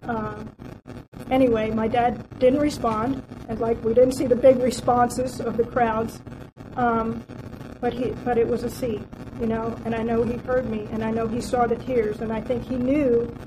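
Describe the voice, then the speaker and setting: Woman sharing a church testimony, rambly with lots of ums, kinda high voice, noisy recording. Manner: heartfelt, rambling with many fillers. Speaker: outreach team member sharing testimony. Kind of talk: personal testimony at church report.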